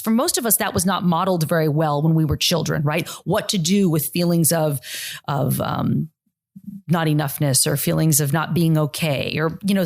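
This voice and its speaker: A woman in her forties speaks in a somewhat low voice as a podcast host. She tells personal stories in an earnest, reflective way and often restarts her sentences. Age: 40s. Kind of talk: personal storytelling monologue.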